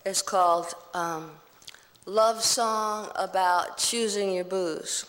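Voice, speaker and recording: Slow, measured woman reading poetry. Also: medium pitch, fairly even intonation, fairly bright tone. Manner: slow, measured, rhythmic recitation. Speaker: poet. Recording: long hall reverb.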